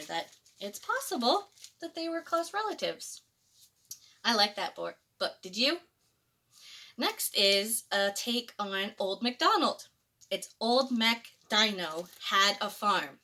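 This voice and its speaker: A woman librarian reading a picture book aloud to children, expressive and chuckling. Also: medium pitch. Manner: expressive, chuckling between pages.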